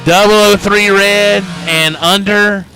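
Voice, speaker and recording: A man with an Indiana accent calling drag races live from an announcer booth, brisk and joking as he reads out names and times. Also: sits high, steady tone, bright, forceful tone, a little hiss or hum. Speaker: race announcer. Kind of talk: live drag-racing commentary.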